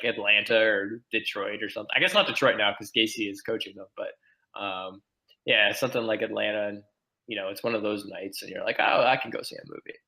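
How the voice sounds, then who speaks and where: Podcast guest, male, bright and forceful tone, rambly and filler-heavy. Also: fairly low pitch, poor audio. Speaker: podcast guest, team blogger. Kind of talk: casual podcast chat.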